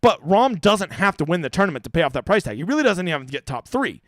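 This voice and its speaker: A man's voice: high-pitched, sing-song, fast talker, fairly bright tone, dry recording, clean studio sound. A man hosting a casual live-stream Q&A, reading viewer questions aloud and answering them bluntly, with the odd swear word. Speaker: fantasy golf streamer.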